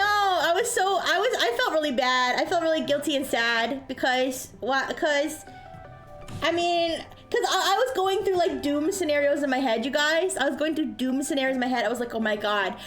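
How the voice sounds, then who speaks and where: High-voiced woman streamer telling a story. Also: moderate pace. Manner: animated storytelling, acts out yelling voices. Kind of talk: casual stream chat. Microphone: desk microphone. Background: soft music.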